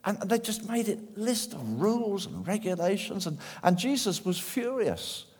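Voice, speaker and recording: A man preaching a sermon in church, animated and acting out the voices of people he quotes. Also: high-pitched, measured pace, breathy edge. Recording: long hall reverb.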